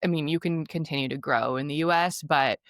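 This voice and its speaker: A young woman with a notably low voice chats as a podcast co-host, upbeat and quick with asides. The sound is dry and close, with no room around it. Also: no room sound. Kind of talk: casual chat.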